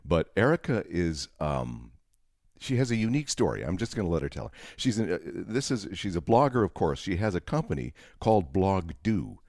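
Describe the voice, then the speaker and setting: A man's voice: low-pitched, sing-song, normal speed, darkish tone, dry recording, clean studio sound. A man co-hosting a casual podcast, joking and laughing often with his co-host. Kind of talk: casual chat.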